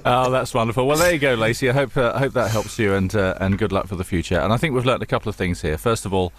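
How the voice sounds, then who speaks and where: A man hosting an advice podcast, reading out listener letters in a wry, brisk manner. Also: on the low side, slight background noise.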